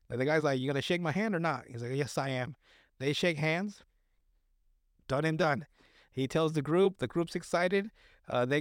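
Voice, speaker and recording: In a dry, studio-quality recording, a man with a fairly high voice casually goes over a film for a podcast he co-hosts. He rambles, swears frequently, and voices the characters' lines himself.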